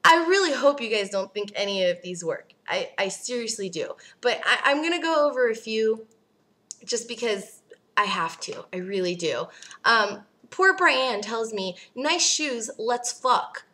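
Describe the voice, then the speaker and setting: An exasperated young woman rants to her viewers in a casual vlog, cursing freely as she goes. Her voice sits fairly high and swings widely, climbing sharply whenever she gets worked up. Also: moderate pace. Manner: animated, exasperated, swears freely. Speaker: vlogger.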